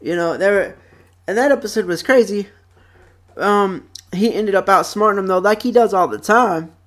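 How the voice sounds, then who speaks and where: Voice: mid-range voice, normal speed, fairly bright tone. Young vlogger, casual rambling chat, full of fillers and repeats, close mic. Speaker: vlog host. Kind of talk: casual chat about childhood TV shows. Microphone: close microphone.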